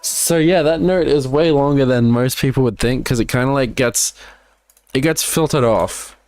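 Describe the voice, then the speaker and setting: A man's voice: mid-range voice, moderate pace, a little mellow, faint music behind. A man with an Australian accent casually breaking down his own songs, rambling with lots of "like" and repeated words. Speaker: musician breaking down his album.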